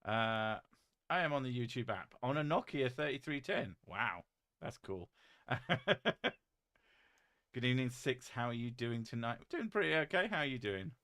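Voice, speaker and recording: A British man chatting casually on a live stream, reading chat aloud with a joking, deadpan manner and casual swearing. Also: medium pitch, moderate pace, clean tone, no room sound, studio quality.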